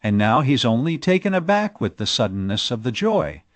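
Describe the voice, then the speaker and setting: A man reading an audiobook, voicing an eager, bold young maidservant with rustic country speech and a quick, pleading manner. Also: mid-range voice, sing-song, dry recording, lightly acted. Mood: coaxing. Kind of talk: audiobook character voice.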